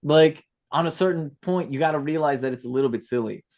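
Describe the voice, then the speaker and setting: A woman's voice: low-pitched, fast talker, darkish tone. Earnest woman guest speaking emphatically. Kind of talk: casual conversational chat.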